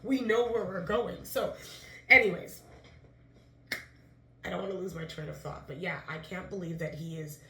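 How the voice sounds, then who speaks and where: A woman telling a story for her vlog in a casual, animated way, acting out the people she quotes. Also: fairly low pitch, normal speed, long pauses, a little hiss or hum. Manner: animated, quotes others in dialogue, excited disbelief. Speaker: vlogger, writer-director of a musical. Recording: echoey room.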